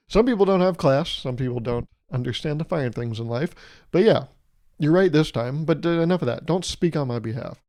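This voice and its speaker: With a warm, medium-pitched voice, a young podcast host meanders through a laid-back comedy monologue on his own show, sometimes putting on silly impressions.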